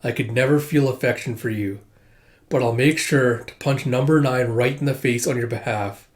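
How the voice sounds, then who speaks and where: A man reads the part of a determined young woman soldier. The lines come out firm and steady at an ordinary middle pitch. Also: normal speed, close to an everyday voice. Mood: resolute.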